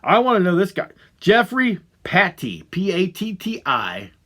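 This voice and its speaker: A man hosting a podcast, delivering a profane, heated monologue that swings between loud outbursts and low muttering. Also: huge pitch swings, measured pace. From Ohio. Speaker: podcast host. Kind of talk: angry ranting monologue.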